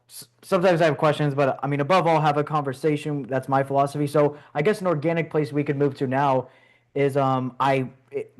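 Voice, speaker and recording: A man hosting a podcast, asking loosely phrased, rambling questions in a casual way. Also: fairly high pitch. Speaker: podcast host.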